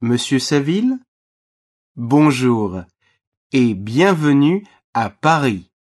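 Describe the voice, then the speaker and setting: Man slowly modelling lesson phrases. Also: medium pitch, big pitch swings. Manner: careful, deliberate enunciation. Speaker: model speaker in a language course. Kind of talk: slow model pronunciation.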